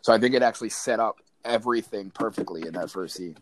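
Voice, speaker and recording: Low-voiced, easygoing man agreeing. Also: fast talker, background noise. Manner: agreeable, hesitant with fillers. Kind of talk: casual movie discussion.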